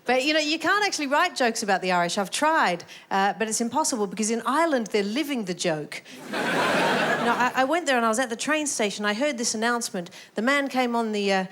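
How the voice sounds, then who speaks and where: A woman's voice: a little high, animated, a little fast, fairly bright tone, slight background noise. Australian woman doing stand-up. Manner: chatty, self-mocking punchlines. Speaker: stand-up comedian. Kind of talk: stand-up comedy set. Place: comedy stage before a live audience. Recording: live comedy club, roaring audience laughter.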